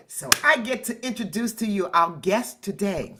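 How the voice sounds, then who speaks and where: A woman's voice: medium pitch, animated, moderate pace, few pauses, noisy background. A woman hosting an online sing-along. She greets each guest on the video call with exuberant whoops. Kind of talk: welcoming roll call on a video call.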